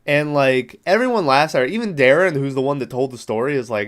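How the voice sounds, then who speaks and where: Smooth-voiced man rambling through a movie recap. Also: medium pitch, fast talker, few pauses. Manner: rambling, profane, amused. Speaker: podcast host.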